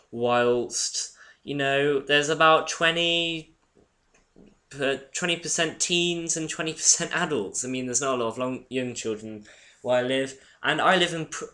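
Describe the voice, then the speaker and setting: A teenage English lad with a bright, forward voice, chatting his way through a story over gameplay. He jokes, swears casually and laughs mid-sentence, with his pitch sitting in an ordinary middle range. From England. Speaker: gaming commentator.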